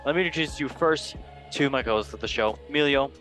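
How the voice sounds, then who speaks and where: A man's voice: medium pitch, quick pace, fairly bright tone, soft background music. Rambling, self-mocking male podcast host. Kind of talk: casual chat.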